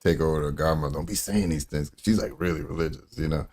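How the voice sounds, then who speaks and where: A man hosting a casual livestream, telling stories with lots of fillers and slang and acting out quotes. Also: fast talker. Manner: animated storytelling, acts out quotes in a high voice; loose slangy talk with many fillers. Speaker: reaction streamer host.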